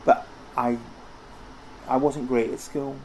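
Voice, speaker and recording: A man's voice: medium pitch, level tone, slow pace, a little mellow, a little hiss or hum. A middle-aged man, talking as an interview guest in a chatty, rambling way with many restarts. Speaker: interview guest, costume house owner. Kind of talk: casual conversational interview.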